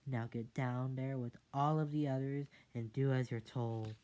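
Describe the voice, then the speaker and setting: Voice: mid-range voice, steady tone, unhurried, dark tone, clear, resonant tone, natural voice. A reader voicing a bossy, villainous fairy mother in a storybook reading, with a scolding, commanding manner. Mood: stern, bossy.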